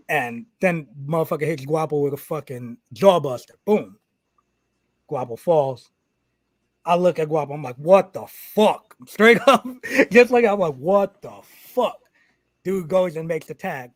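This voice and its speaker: Profane storytelling wrestler, dry close sound. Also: male voice, fairly high pitch, moderate pace, dry recording. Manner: animated, profane, acts out quotes. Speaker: pro wrestler telling a story on a podcast. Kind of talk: casual storytelling.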